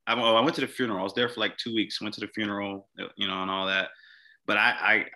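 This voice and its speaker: A young man from Mississippi, a podcast guest telling a personal story in a halting way, often repeating words and restarting. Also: fairly low pitch, level tone, pushed and bright.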